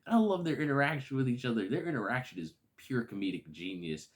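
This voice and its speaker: A man casually reviewing a film, excitable and gushing, with slangy, enthusiastic speech. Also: medium pitch, fast.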